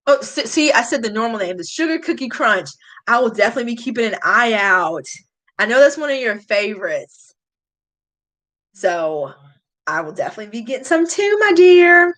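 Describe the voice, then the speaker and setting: Woman in her 30s chatting to viewers, sighs a lot, pitch jumps all over. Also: sing-song, fairly quick, a bit bright. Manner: emotional, confiding, sighing often. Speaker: beauty vlogger. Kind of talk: casual chat reading live comments.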